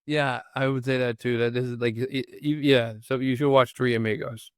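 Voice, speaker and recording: A man with a smooth, clear voice chats casually about old comedies on a review show. He talks in a loose, rambling way, restarting his sentences and laughing easily. The sound is close and dry. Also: medium pitch, flat delivery, moderate pace, no echo. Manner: rambling, with frequent restarts and fillers; laughs easily while recounting scenes. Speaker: podcast co-host. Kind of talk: casual movie-review chat.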